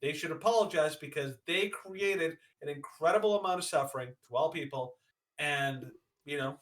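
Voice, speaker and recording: A man's voice: a little high, normal speed, a bit bright, low-quality recording. A man co-hosting a podcast, ranting emphatically with indignation and lots of fillers. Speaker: podcast co-host. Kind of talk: opinionated podcast rant.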